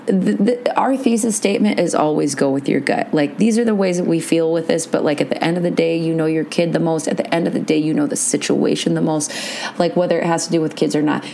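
A woman's voice: sits low, quick pace, gravelly, mellow, slight background noise. A woman co-hosting a podcast, chatting casually, swearing freely and telling stories with big jumps in emphasis. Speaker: podcast co-host. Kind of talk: casual chat.

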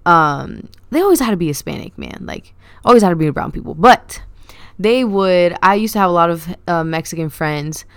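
Young woman podcast host, low and very clear voice, dry close sound, chatty rambling storyteller. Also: normal speed, no echo. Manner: chatty, rambling, animated, many fillers. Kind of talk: casual storytelling monologue.

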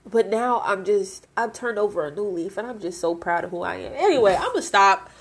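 A woman's voice: medium pitch, expressive, a little fast, slightly rough. A woman in her twenties hosting a podcast, talking candidly in a blunt, profane and heartfelt way. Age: 20s. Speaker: podcast host. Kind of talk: candid confessional podcast talk.

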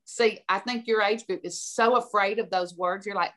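A woman's voice: medium pitch, normal speed, hardly any pauses, fairly bright tone. An older woman from the American South, a podcast guest giving direct, emphatic advice and telling stories. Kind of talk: conversational advice.

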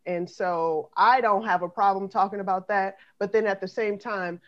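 A woman comedian and sketch writer in a panel discussion, speaking in a measured, thoughtful way. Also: medium pitch, steady tone, highs cut off.

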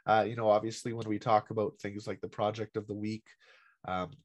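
A man hosting a podcast in casual chat, upbeat and quick to laugh. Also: lowish voice, flat delivery, muffled recording. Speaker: podcast host.

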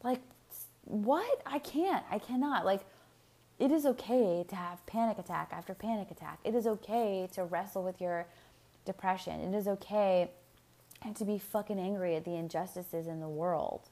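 A woman's voice: lowish voice, normal speed. Candid, swearing woman podcaster. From United States. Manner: candid, profane, animated, with frequent fillers and laughs. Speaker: podcast host. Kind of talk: casual solo podcast monologue.

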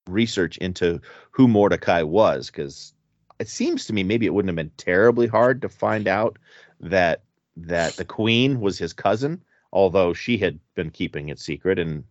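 Deep-voiced man thinking aloud. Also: darkish tone, dry recording, muffled recording. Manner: thinking aloud, hesitant, many restarts. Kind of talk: casual Bible study discussion.

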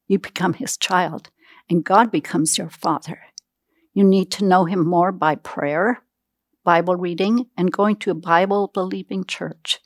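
Calm woman reading a closing message. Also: lowish voice, measured pace, no room sound, studio quality. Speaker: ministry announcer.

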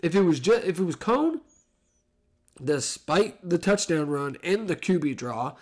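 A man, a father with young kids, giving a rambling, animated solo commentary on a football game and correcting himself as he goes. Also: a little high, unhurried. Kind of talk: casual solo sports commentary.

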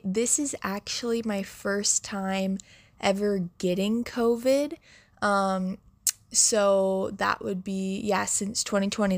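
Young female segment host, sick voice, slow filler-heavy delivery, dry recording. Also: medium pitch, no room sound. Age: young adult. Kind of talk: casual monologue.

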